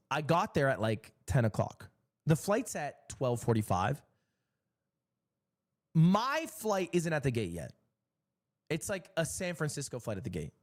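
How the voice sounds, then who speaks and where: A man streaming, telling a story in a casual, animated and exasperated way. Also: mid-range voice.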